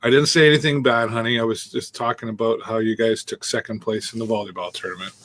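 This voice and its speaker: A man's voice: on the low side, fairly even intonation, fast, a bit bright. A man co-hosting a casual live-stream chat, easygoing and teasing, chuckling a lot. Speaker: co-host.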